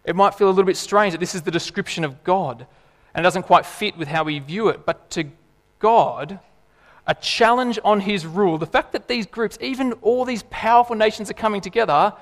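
A man, preaching a sermon in an animated, emphatic way. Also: on the high side, in a large hall. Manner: animated, emphatic, laughs and acts out voices.

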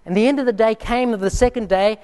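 A man's voice: high-pitched, steady tone, fast, a little mellow, smooth. A man preaching a sermon and telling personal stories, dramatic, sometimes dropping to near whispers for emphasis. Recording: reverberant hall.

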